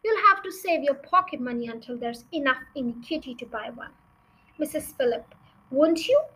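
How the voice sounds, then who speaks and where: A woman's voice: sits high, lively intonation, normal speed, sharp tone, low-quality recording. A woman reading the lines of a bullying, boastful middle-aged father in a storybook, in a snapping, scornful manner. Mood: mocking. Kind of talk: audiobook character reading.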